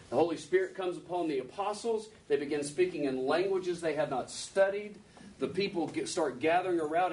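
Preaching conversationally, a man with a high-pitched, slightly mellow voice fires question after question at his listeners. The mic is distant, and faint noise lingers in the background.

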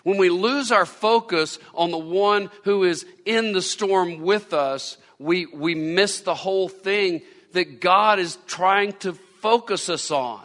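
Bright-voiced male preacher in a reverberant hall. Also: high voice, slow, hardly any pauses. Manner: preaching with repetition and rising emphasis. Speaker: pastor. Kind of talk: sermon. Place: church sanctuary. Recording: long church-hall reverb.

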